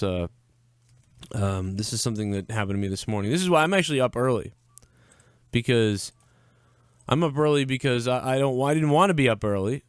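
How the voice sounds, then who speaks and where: A man's voice: medium pitch, clean tone, no room sound, studio quality. A young man co-hosting a live show, telling a long, profane story in a rambling, casual way. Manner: profane, rambling, animated when quoting others. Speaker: podcast co-host.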